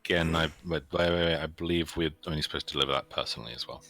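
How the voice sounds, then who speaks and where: Pria bersuara sangat rendah dan cerah. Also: male voice, very deep voice, fairly even intonation, racing, a bit bright. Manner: polite, formal, hesitant. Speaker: player. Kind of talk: in-character roleplay.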